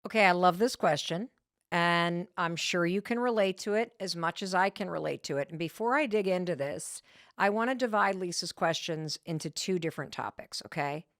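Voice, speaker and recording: A woman's voice: on the low side, normal speed, fairly bright tone, no echo, studio quality. A middle-aged woman, hosting a podcast and giving motivational advice in an emphatic, conversational way. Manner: emphatic, conversational, punchy stress on key words. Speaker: podcast host answering listener questions.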